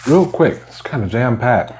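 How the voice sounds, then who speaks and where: A man's voice: medium pitch, animated, normal speed, noisy background. A man vlogging while he eats, chatting casually and rambling between bites. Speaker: mukbang vlogger. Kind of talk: casual chat while eating.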